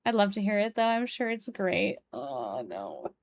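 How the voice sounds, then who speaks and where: A woman's voice: fairly high pitch, fairly even intonation, brisk, gravelly. A young woman with a Polish accent, streaming a puzzle game and chatting as she plays, reading the game's text and viewers' messages aloud. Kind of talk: live game stream commentary.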